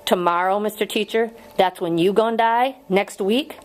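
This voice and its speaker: A woman's voice: medium pitch, moderate pace, close to an everyday voice. A woman voicing a bitter, taunting young male prisoner in an audiobook reading, curt and plain-spoken. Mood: sullen.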